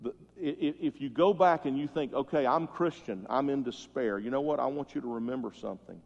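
A man's voice: mid-range voice, fairly quick, gravelly. Preaching man in a reverberant hall. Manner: storytelling preacher, swells loud then drops soft. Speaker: pastor. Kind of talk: sermon. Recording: muffled sound with long hall reverb.

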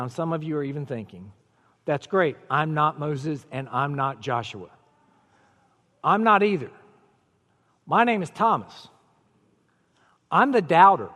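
A man delivers a sermon in a relaxed, conversational way that climbs into emphatic declarations. His voice sits very high for a man. The sound carries the long reverb of a large church sanctuary. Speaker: pastor.

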